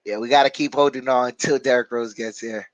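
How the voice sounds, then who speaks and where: A man's voice: medium pitch, fairly even intonation, brisk, dry recording, dull audio. A man hosting a live basketball watch-along, casually reading out viewer comments and answering them with plenty of fillers. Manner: casual, reads out viewer chat comments and replies; chatty, hesitant with frequent fillers. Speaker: watch-along stream host.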